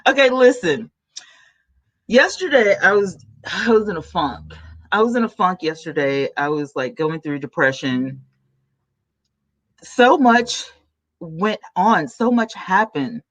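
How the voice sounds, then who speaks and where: A woman hosting a podcast, chatting casually with her viewers in a soft, low-key voice while she snacks at her home desk. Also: lively intonation, unhurried, long pauses. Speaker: podcast host. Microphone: new desk mic.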